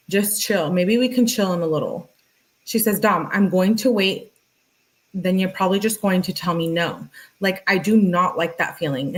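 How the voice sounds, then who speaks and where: A woman with a lowish voice hosts a true-crime channel, reading text messages aloud evenly and adding casual, exasperated asides. The audio quality is poor.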